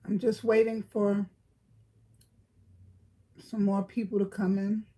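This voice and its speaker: A woman's voice: medium pitch, little pitch movement, slow, dark tone, poor audio. A middle-aged woman from Brooklyn with a New York accent, chatting casually with live-stream viewers, greeting them by name and laughing often.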